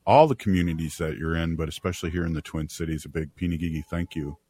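A man hosting a radio talk show, relaxed and affirming, often pausing with "uh". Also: very deep voice, slightly rough. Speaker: radio host. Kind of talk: casual radio interview.

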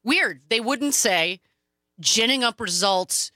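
A woman co-hosting a political talk show, talking emphatically and with sarcastic indignation. Her voice is bright and forceful, a little higher than usual. The sound is dry and close. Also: lively intonation, slow pace, no echo. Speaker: co-host.

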